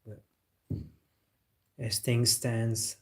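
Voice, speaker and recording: A man's voice: medium pitch, level tone, very slow, breathy edge. A man hosting a live football reaction stream, chatting casually and answering viewers with strong opinions. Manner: opinionated, replying to chat.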